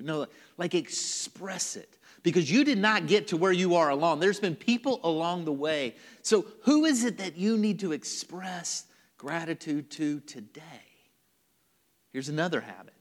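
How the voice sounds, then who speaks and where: A male pastor delivers a sermon in a chatty, conversational way, dropping now and then to a hushed whisper to stress a point. His voice sits a little high for a man. The church hall leaves a long reverb trailing behind his words. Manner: conversational preaching with sudden whispered emphasis.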